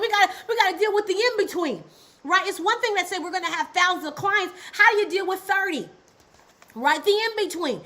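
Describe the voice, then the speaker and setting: On a livestream with rough audio, a woman with an extremely high, pushed, bright voice teaches a business and ministry lesson. She keeps repeating key phrases and calls on viewers to answer in the chat, call-and-response style.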